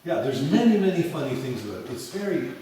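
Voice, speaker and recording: A man teaching piano in a lecture and demo lesson before an audience, talking in an animated way and singing phrases as da da da. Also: medium pitch, quick pace, a little hiss or hum. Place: large echoey hall with an audience. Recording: echoey hall from far off. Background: piano playing.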